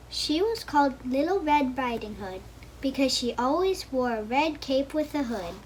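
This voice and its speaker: A woman's voice: sits high, slight background noise, poor audio. A woman reading a storybook aloud to young children, with small slips as she goes.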